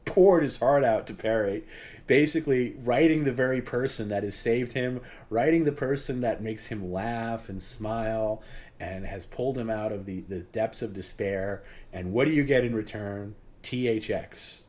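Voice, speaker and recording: A man hosting a casual livestream chat, rambling and halting with many restarts and fillers, and he laughs at his own story. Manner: voice jumps high and loud when mimicking others. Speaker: host.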